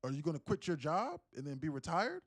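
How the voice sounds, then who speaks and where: A man's voice: a little high, huge pitch swings, a little fast, no echo, studio quality, faint music behind. A young man from South Carolina chatting casually on a live stream as a day trader, sarcastic and rambling, often restarting his sentences. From South Carolina, USA.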